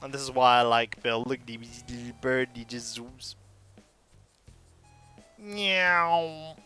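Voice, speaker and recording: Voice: medium pitch, slow, bright, forceful tone, smooth, soft background music. A streamer giving playful, chatty commentary while playing a cozy life-sim game and reading its text aloud. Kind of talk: casual gameplay commentary.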